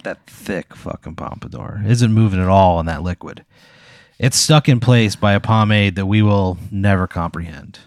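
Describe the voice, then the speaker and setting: A man's voice: lowish voice, normal speed, no echo, clean studio sound. Casual, profane man narrating a game. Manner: casual, profane, vivid storytelling. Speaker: game master.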